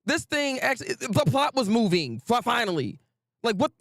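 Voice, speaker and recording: A man hosting a casual anime talk stream, reading out viewer names and repeating himself with animated, slangy energy. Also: extremely high pitch, moderate pace, vocal fry, dry recording. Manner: animated, repetitive, slangy, greets chat viewers. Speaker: host.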